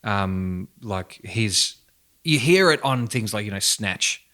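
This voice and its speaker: A young man co-hosting a podcast in casual chat, animated and laughing, swearing freely as he tells stories. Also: lowish voice, slow pace. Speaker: podcast co-host.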